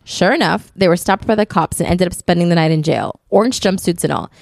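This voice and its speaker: A woman's voice: fairly low pitch, brisk, vocal fry, darkish tone, no room sound, studio quality. A woman co-hosting a casual podcast, reading stories aloud and chatting about them. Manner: laughs often, reads then comments.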